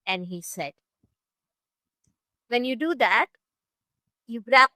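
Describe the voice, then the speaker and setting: A woman English tutor giving a one-on-one online lesson over a video call, talking expressively and demonstrating word stress and pauses. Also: fairly high pitch, animated, pushed and bright, no room sound, low-quality recording.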